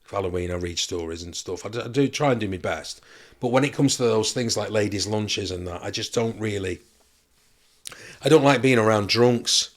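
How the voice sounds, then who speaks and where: A man with a low voice chats as a podcast guest. He tells stories with a lot of animation, dropping into quick impressions and sounds as he goes. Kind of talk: casual chat.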